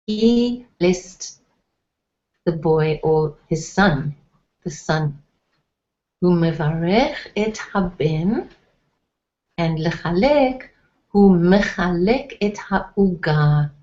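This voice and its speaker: A woman teaches a lesson at an unhurried pace, walking through each point patiently and pausing often to think. Her voice sits a little low, and the recording sounds dull and lo-fi. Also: darkish tone. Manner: patient, explains step by step with many fillers. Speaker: Hebrew teacher. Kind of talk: slow, careful language lesson.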